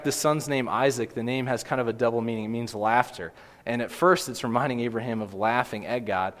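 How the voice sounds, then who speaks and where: Guy preaching a sermon, earnest and gentle, big echoey hall sound. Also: medium pitch. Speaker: pastor. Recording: long hall reverb.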